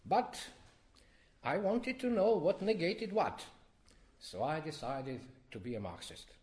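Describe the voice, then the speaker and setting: A man reading his own poem to a live audience, with expressive rises and drops in his voice. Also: slow. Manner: expressive, wide swings in pitch and loudness. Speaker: poet reading his work. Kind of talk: poetry reading.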